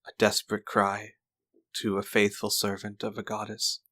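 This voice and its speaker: A man narrating a tabletop game as game master in a slow, deliberate storytelling manner. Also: lowish voice, completely flat delivery, pushed and bright.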